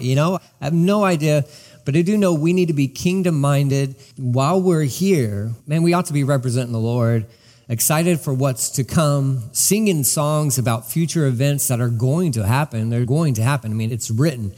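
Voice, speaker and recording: A man preaching a sermon as pastor, in an animated, conversational way with personal asides. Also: fairly high pitch, moderate pace. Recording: long hall reverb.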